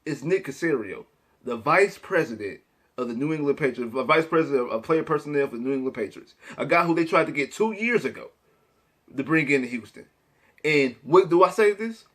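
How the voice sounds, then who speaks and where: A man's voice: fairly high pitch, a bit bright. A young man, ranting emphatically about football on his vlog and repeating his points. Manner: emphatic, repetitive, Southern-tinged slang. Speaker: sports vlogger. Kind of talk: opinionated sports rant.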